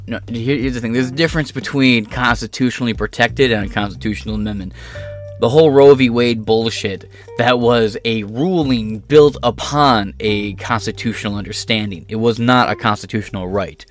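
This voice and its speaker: A man rants through a reaction commentary, swearing freely and leaning on sarcasm. His tone is combative and direct, addressing the listener head-on. Faint music sits in the background. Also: medium pitch. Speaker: political commentator.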